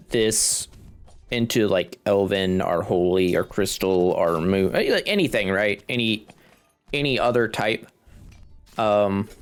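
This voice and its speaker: Congested man mulling over game choices. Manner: thinks aloud, chuckles, lively pitch. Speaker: gaming video host. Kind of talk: casual game commentary.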